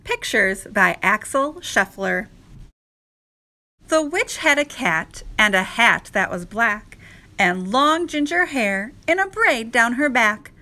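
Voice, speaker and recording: A woman teacher reading a rhyming picture book aloud to children, slow and expressive. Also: a little high. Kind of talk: children's read-aloud narration.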